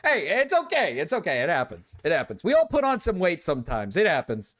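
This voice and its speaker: A man's voice: fairly high pitch, huge pitch swings, a little fast. Young man, streamer, flustered and defensive, voice jumping up and down, casual live chat. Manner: flustered, defensive, swings between mumbling and loud protest.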